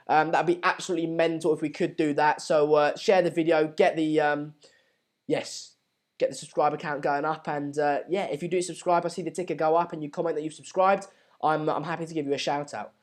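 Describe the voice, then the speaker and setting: A young man hosting a casual live stream, reading out viewer comments in a hesitant, rambling way with many fillers. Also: on the high side.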